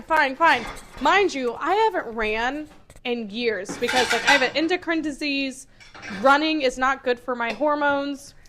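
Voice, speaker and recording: A woman's voice: sits high, fairly bright tone, a little hiss or hum. A woman co-hosting a casual podcast chat, ranting in a fired-up way and swearing a lot. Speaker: podcast co-host.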